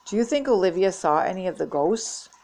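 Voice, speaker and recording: An older woman voicing a cheerful young schoolgirl in a high, chirpy voice while reading a storybook. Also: animated, brisk, a little mellow.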